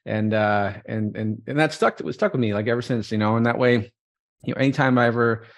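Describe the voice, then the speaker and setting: A man's voice: mid-range voice, gravelly. A man who is the guest entrepreneur on a podcast, talking casually and packing his sentences with fillers. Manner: fast-talking, full of fillers like "you know". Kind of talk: casual interview chat.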